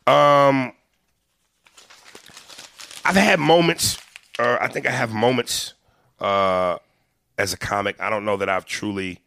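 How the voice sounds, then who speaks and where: A man, a comedian, talking in a casual podcast chat, profane and animated, often acting out little voices. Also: lowish voice, takes it slowly, gravelly, long pauses, no echo. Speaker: comedian guest.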